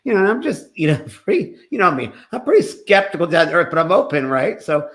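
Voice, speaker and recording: A man's voice: fairly high pitch, sing-song, fast, a bit bright. A man co-hosting a spiritual talk show, speaking earnestly and rambling with restarts, sounding a little sick. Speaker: co-host, medium.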